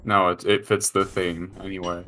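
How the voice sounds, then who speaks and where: A man's voice: sits low, flat delivery, normal speed, sharp tone, slight background noise. A man co-hosting a casual commentary chat, blunt and crude, pushing the host to keep reading.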